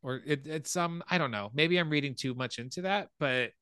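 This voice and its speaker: A man hosting a podcast, casually retelling a film scene by scene and getting animated at the scary parts. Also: normal speed, clear, resonant tone, no room sound, clean studio sound. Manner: animated storytelling, rises in pitch when excited. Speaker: podcast host.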